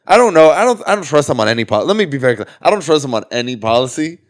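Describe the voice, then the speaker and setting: A young man, a comedian on a podcast panel, rambling and animated as he riffs on the news. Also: fairly high pitch. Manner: animated, rambling, quick to laugh. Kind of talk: casual panel chat.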